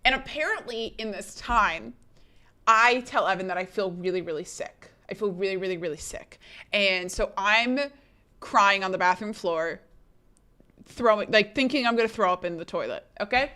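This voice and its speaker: A young woman streamer telling a story to her chat in an animated, laughing way, swearing freely. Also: mid-range voice, moderate pace.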